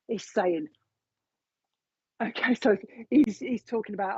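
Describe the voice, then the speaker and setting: A chatty woman running a live psychic reading, her voice husky and pitched a little high. The sound is dry and close, with a dull, lo-fi stream quality. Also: normal speed, a little mellow, no room sound. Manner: chatty, relays spirit messages. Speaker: psychic medium.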